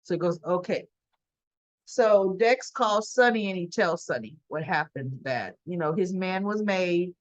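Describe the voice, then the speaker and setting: A woman's voice: on the low side, unhurried, no echo. A woman recapping a soap opera episode in a casual, chatty way, acting out the characters' lines as she goes. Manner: chatty, acts out dialogue in quoted lines. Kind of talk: casual recap retelling scenes.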